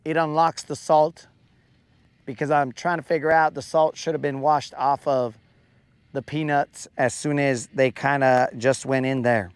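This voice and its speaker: A man's voice: medium pitch, fairly even intonation, measured pace, clean tone, no room sound. A man hosting a live fishing stream from a boat on a lake, chatting casually with his viewers in a rambling, jokey, self-mocking way. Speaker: fishing livestream host.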